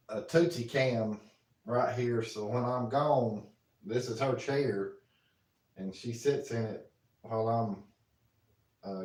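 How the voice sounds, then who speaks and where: Chatting on a live stream in his home kitchen, a man with a medium-pitched, slightly mellow voice reads out viewer comments folksily and talks to his dog. A phone records him from a distance, so the sound is roomy.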